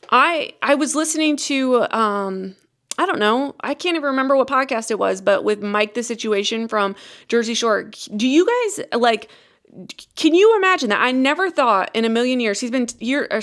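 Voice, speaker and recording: A woman's voice: fairly high pitch, a bit bright. A woman in her thirties hosting a casual motivational podcast, speaking with passion and repeating phrases for emphasis. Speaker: podcast host.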